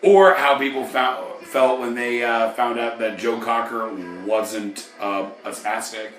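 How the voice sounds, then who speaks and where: A man's voice: mid-range voice, fairly even intonation, slow, fairly bright tone. A young man co-hosting a casual podcast, rambling and joking with friends, swearing freely. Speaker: podcast co-host. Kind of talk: casual chat among friends. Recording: echoey room with music behind.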